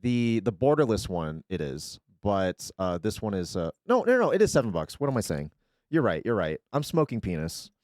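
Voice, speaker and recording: A man's voice: on the low side, very animated, moderate pace, darkish tone, no echo. This man talks the way a streamer does while tearing open card packs, loose and joking, with the odd curse word and frequent stumbles over card names. His voice swings up and down a lot. It sounds close and dry. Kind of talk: casual chat while opening card packs.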